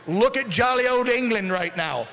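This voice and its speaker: Brash high-voiced male rally speaker. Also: animated, moderate pace, creaky. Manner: brash, profane, shouting to a crowd. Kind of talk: fired-up rally speech.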